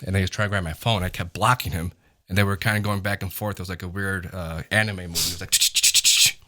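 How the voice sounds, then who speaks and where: A man speaks as a podcast guest. His voice is very low, with a bright, tense edge. He tells his story in a low-key, matter-of-fact way. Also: steady tone, quick pace. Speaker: guest, acting coach. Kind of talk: casual storytelling.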